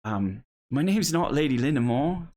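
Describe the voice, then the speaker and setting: A man's voice: medium pitch, animated, normal speed, darkish tone, pitched above the performer's own voice, natural voice. A man doing an earnest young boy playing a knight. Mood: coaxing. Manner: grandly heroic, bossy with his friends.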